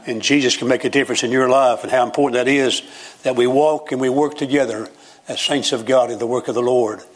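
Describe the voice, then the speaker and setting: A man's voice: medium pitch, steady tone, a little fast. An older man preaching a sermon, telling folksy jokes and stories and lifting his voice on emphatic lines. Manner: folksy, joking storytelling with rising emphatic lines.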